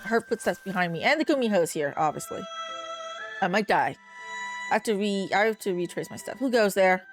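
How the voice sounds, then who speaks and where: A woman's voice: mid-range voice, expressive, brisk, music in the background. Woman reading a story game aloud. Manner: swears and scolds herself; exclaims at jump scares. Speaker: gamer playing a story game.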